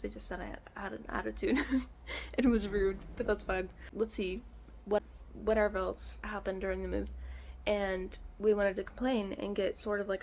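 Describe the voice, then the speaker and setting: A woman's voice: mid-range voice, creaky, a little mellow, slight background noise. A young woman vlogger tells a long storytime to her viewers. She rants with real exasperation and acts out each side of the phone calls she recounts. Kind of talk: storytime vlog.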